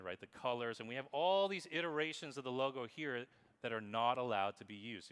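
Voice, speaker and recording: A man in his thirties giving a lively, emphatic keynote talk at a conference, speaking straight to the audience. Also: mid-range voice, smooth, big-room sound. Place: conference hall.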